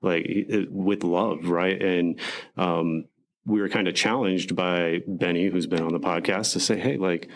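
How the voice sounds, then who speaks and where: Man, podcast co-host, casual chat, rambling, filler-heavy, lowish pitch. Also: steady tone, a little slow. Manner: rambling storytelling, lots of fillers.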